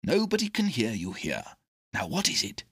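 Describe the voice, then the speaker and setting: A man voicing a kindly, fretful country doctor in a storybook reading, husky and gentle. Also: mid-range voice, wildly swooping pitch, moderate pace, exaggerated voice. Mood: impatient. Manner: gentle, exclaiming.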